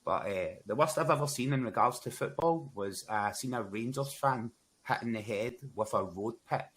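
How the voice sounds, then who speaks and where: A man's voice: mid-range voice, moderate pace, a bit bright. A man, a podcast guest telling stories in laid-back casual chat. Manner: laid-back storyteller, says "bro" and "hell yeah".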